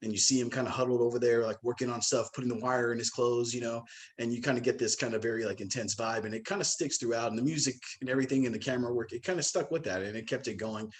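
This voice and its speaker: A man's voice: mid-range voice, fairly even intonation, quick pace. A man co-hosting a casual movie review chat, teasing the others and steering the talk to the next topic. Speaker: co-host of a movie review show.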